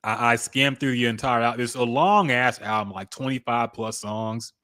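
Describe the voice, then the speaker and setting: Bright-voiced man co-hosting a podcast. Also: medium pitch, fairly even intonation, moderate pace, no room sound, studio quality. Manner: laid-back, candid music opinions. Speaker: podcast co-host. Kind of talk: casual chat.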